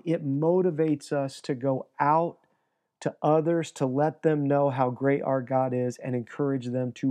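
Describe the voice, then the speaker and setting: Earnest male preacher, mellow tone. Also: a little high. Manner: earnest, acts out quoted dialogue. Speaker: pastor. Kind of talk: sermon.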